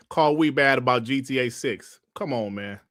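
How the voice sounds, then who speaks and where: A man's voice: medium pitch, measured pace, a bit bright, dry recording, studio quality. A man hosting a gaming podcast livestream in a casual, profane, laid-back way, grumbling at technical trouble. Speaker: podcast host.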